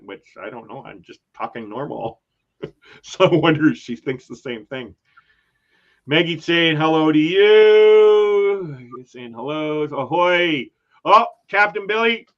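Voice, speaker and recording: A man's voice: a little high, dull audio. A man hosting a casual travel livestream, chatting and reading viewer comments aloud with frequent laughs. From Canada. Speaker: travel channel host.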